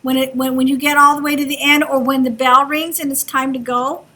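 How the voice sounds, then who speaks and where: A woman's voice: sits high, little pitch movement, brisk, sharp tone. A woman teaching a kindergarten class, talking in an encouraging sing-song way to small children. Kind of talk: classroom instruction.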